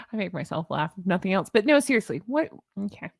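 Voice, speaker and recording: A woman's voice: medium pitch, big pitch swings, fast talker, gravelly, no room sound, clean studio sound. A woman hosting a casual commentary vlog, sarcastic and exasperated as she rants. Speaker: YouTube commentary host.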